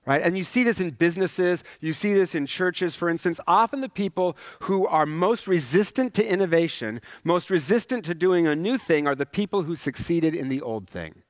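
A man's voice: fairly high pitch, animated, normal speed, few pauses, no echo, clean studio sound. A man preaching a sermon as a pastor in a conversational way, often checking in with the congregation and acting out characters. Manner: conversational, asks "right?" often, acts out characters.

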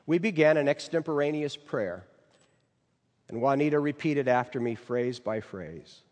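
A man serving as a chaplain gives a devotional sermon in a slow, measured, earnest way. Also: medium pitch, animated, a little mellow, in a large hall.

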